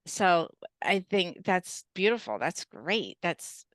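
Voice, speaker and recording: Woman co-host, medium; earnest, halting delivery with a smooth voice, recorded dry. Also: fairly low pitch, very animated, a bit bright, no room sound. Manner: earnest, restarts her phrases. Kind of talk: casual podcast chat.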